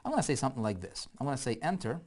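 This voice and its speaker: A man's voice: mid-range voice, huge pitch swings, racing, a little mellow. A man teaching online marketing in a casual screen-share walkthrough, thinking aloud and often checking in with "right?".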